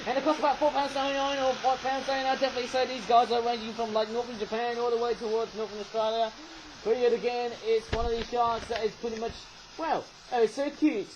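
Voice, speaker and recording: A man with a strikingly high voice rambles through a casual toy review, often ending his sentences with a questioning "eh?". He raises his voice to carry over a rattling toy train, and a faint hum of noise sits behind him. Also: fairly even intonation, fast. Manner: rambling, chatty, tags lines with "eh?". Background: toy train running.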